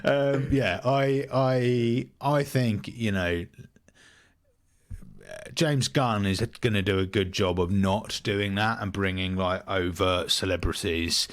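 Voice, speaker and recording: A man's voice: lowish voice, fairly even intonation, takes it slowly, smooth. A British man co-hosting a podcast, sleepy and hesitant, full of ums and restarts. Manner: hesitant, many fillers and restarts, sleepy and yawning. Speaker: podcast co-host. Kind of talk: casual podcast chat.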